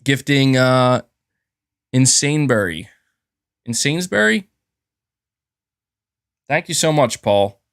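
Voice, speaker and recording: A man's voice: medium pitch, sing-song, slow, vocal fry, long pauses, a bit bright, smooth, no echo, clean studio sound. A man hosting a casual gaming livestream, rambling and thanking viewers, with a sore throat. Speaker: gaming channel host.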